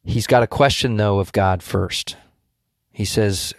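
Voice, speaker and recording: Low-voiced man explaining scripture. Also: moderate pace, no echo, studio quality. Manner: thoughtful, explanatory, with frequent restarts. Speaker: Bible study co-host. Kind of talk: casual Bible study discussion.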